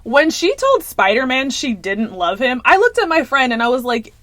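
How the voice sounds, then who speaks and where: A woman's voice: high-pitched, sing-song, normal speed, a bit bright, no room sound. A young woman in a casual vlog, chatting through a movie plot and calling her viewers y'all. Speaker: movie reviewer.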